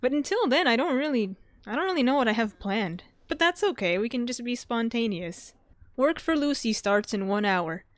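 Excitable woman narrating her gameplay. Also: fairly high pitch, moderate pace, no room sound. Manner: excitable, jumpy, breaks into laughter and squeals. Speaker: gaming channel host. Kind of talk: casual gameplay commentary.

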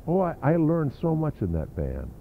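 A man's voice: fairly high pitch, huge pitch swings, normal speed, creaky, narrow, tinny audio, slight background noise. An older man reminiscing in an interview, telling rambling anecdotes full of fillers and asides. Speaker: interview guest, drummer.

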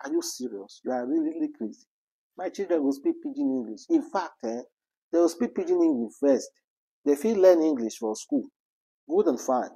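A man's voice: a little high, big pitch swings, moderate pace, mellow, husky. A man with a Nigerian accent giving casual commentary on celebrity news. He speaks with passion, repeats rhetorical questions and slips into Pidgin.

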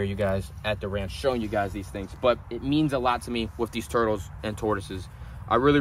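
A man hosting a casual vlog at his animal ranch, gushing with excitement and at times quietly sad. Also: lowish voice, slight background noise. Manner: gushing, excitable, swings from loud delight to quiet sadness. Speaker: reptile breeder and channel host. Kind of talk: casual vlog talk to camera.

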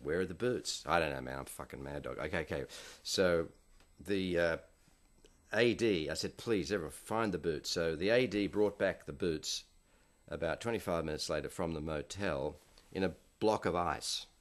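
Older guy, very low voice, director telling dry stories from a shoot. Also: moderate pace. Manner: dry storyteller acting out quoted voices. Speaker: film director. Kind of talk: anecdotal interview storytelling.

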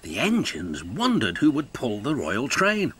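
A man's voice: mid-range voice, unhurried. A man with a British accent narrating a children's railway story in a storytelling manner. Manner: warm storytelling, expressive. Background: music.

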